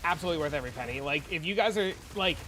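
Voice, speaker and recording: A man's voice: fairly high pitch, expressive, rapid-fire, a bit bright, slight background noise. A man, a father, chatting loosely and profanely on a game stream, telling stories with animation. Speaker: father of young kids. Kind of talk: casual livestream chat.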